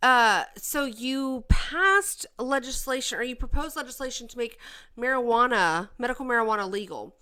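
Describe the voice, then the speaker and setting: Brief: female vlog host, bright crisp voice, sarcastic and mocking asides. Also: on the high side, expressive, moderate pace. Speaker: channel host. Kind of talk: casual commentary vlog.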